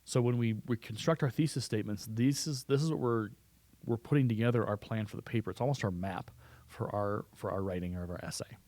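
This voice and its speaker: A man's voice: fairly low pitch, a little fast, a little mellow, dry recording. A man teaching a writing lesson in a conversational way, often repeating words and restarting phrases. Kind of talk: recorded classroom lesson. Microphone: close studio mic.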